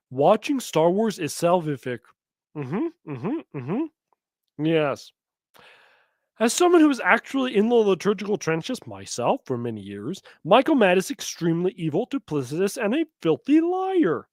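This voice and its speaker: Sarcastic man with lively pitch. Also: dry recording, studio quality. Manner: sarcastic, mocking, quick asides. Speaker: podcast host. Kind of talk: sarcastic commentary on played clips.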